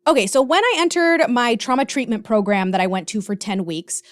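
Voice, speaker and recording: A woman in her thirties hosting a podcast, telling a personal story in an animated, jokey, confessional way. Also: fairly high pitch, a little fast, dry recording, studio quality. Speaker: podcast host. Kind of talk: casual storytelling.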